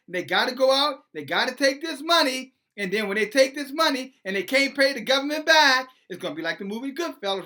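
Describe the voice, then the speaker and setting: Sarcastic commentator reading the news and ranting, voice swings up and down a lot, sharp bright tone, keeps asking rhetorical questions. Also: mid-range voice. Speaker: online commentator.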